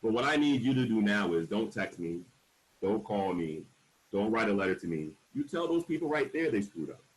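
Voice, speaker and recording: A man in his forties speaks in a somewhat low voice as a panel speaker, telling his own story frankly. He leans hard on key words and slips into the voices of the people he quotes. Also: sing-song, moderate pace, rough recording. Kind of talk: candid personal storytelling at a panel.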